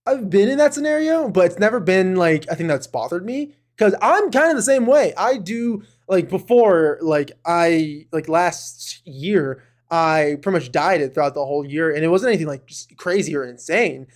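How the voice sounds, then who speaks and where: Man, fairly high voice, rambling, fillers, mock outrage, podcast co-host. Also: animated, normal speed, few pauses. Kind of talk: casual chat.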